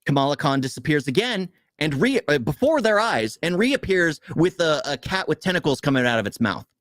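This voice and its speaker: A man's voice: fairly high pitch, expressive, a little fast, a bit bright, no room sound. A man co-hosting a casual movie review, ranting in frustration with rhetorical questions.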